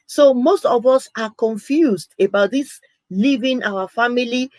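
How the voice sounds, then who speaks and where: A woman's voice: fairly high pitch, unhurried, darkish tone, no echo, rough recording. Earnest middle-aged woman preacher, dry close sound. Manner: earnest anecdotal storytelling with frequent restarts. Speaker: pastor. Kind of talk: live sermon-style storytelling.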